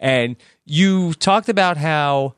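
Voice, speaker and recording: A man's voice: fairly high pitch, takes it slowly, clear, resonant tone, no room sound, studio quality. A man hosting a podcast, asking attentive, thoughtful interview questions. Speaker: podcast host.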